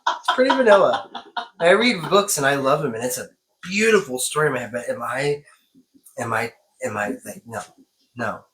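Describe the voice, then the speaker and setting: Bright-voiced man in lively casual chat. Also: medium pitch, normal speed, a little hiss or hum, poor audio. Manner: animated, exclaims in surprise, thinks aloud with restarts.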